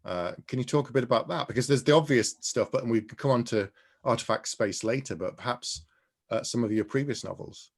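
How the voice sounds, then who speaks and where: A man hosting a casual author interview, friendly and quick to laugh, letting his sentences trail off softly. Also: medium pitch, slightly rough. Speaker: interviewer host.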